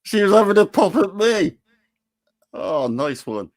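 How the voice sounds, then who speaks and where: A man's voice: sits high, sing-song, a little slow, a crowd in the background. A man chatting casually on a stream in a laid-back, dry, teasing way. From not from Cornwall. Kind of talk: casual chat.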